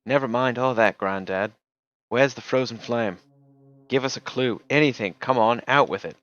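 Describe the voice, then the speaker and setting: A man's voice: on the low side, steady tone, normal speed, fairly bright tone, clean tone, highs cut off, close to an everyday voice. A man reading aloud and voicing a brash, impatient young woman thief who talks in a pushy, urgent way.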